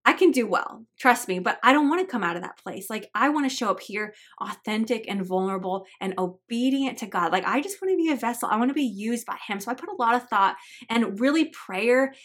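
A woman's voice: a little high, lively intonation, a little fast, fairly bright tone. A woman podcast host, a mother, telling personal stories and teaching scripture in an earnest devotional style. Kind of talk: Christian devotional podcast talk.

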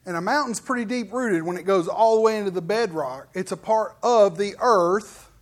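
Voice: medium pitch, normal speed. An emphatic preacher teaching from scripture. The delivery is conversational and keeps reaching out to the listeners with asides and questions. The pace rises and falls to stress each key point. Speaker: pastor. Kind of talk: sermon.

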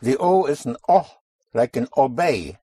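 Slow, husky male language teacher. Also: mid-range voice, sing-song, dark tone, dry recording, clean studio sound. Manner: slow, deliberate, repeats key sounds. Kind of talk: spoken language lesson with a student.

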